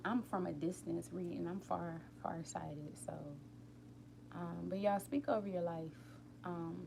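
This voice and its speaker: A woman hosting a casual live stream from home late at night, rambling warmly and talking straight to her viewers about healing and feelings. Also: lowish voice, gravelly, a little hiss or hum. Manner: openly emotional, tearful at times. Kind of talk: casual inspirational chat.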